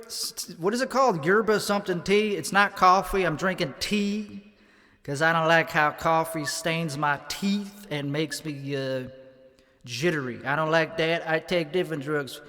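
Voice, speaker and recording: Male streamer, high voice, loose profane rambling, reverberant home studio. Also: unhurried, pushed and bright. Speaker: livestreamer. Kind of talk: casual livestream chat.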